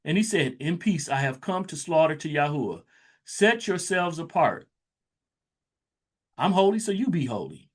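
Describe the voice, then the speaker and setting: A man reading scripture aloud slowly and stopping to explain it in loose, conversational asides, like a Bible teacher. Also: on the high side, sing-song, breathy edge. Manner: reads verses slowly, then breaks into loose conversational asides. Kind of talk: scripture reading with casual commentary.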